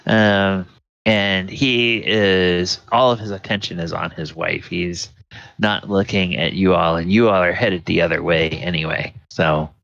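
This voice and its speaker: A man with a low, deep voice runs a tabletop game at an unhurried pace, stopping often for fillers as he narrates. The sound is dull and muffled, with no room echo. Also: fairly even intonation, gravelly, fairly bright tone. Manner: halting, many fillers. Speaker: game master.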